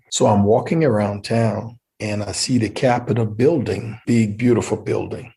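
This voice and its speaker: Husky, gravelly man. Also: lowish voice. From Liberia. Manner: animated storyteller who acts out quoted voices. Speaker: interview guest, mayor. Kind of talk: personal storytelling in an interview.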